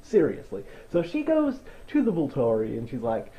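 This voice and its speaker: A man's voice: mid-range voice, wildly swooping pitch, moderate pace, mellow, rough recording. A young man giving a sarcastic, profanity-laced movie recap, ranting and mocking the plot. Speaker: movie reviewer.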